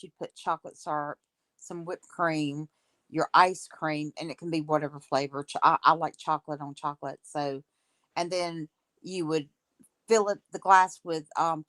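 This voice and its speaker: A woman with a Southern American accent who explains things in a rambling, hesitant way, full of fillers. Her voice sits on the low side for a woman, and it sounds dry and close, with no room echo. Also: a bit bright. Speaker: co-host. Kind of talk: casual chat.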